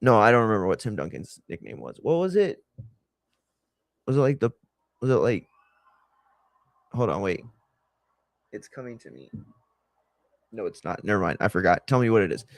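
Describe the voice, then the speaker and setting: A man's voice: on the low side, big pitch swings, moderate pace, long pauses, dry recording, studio quality. A man hosting a watch-along stream, chatting casually in a rambling, sarcastic and exasperated way. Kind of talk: casual chat.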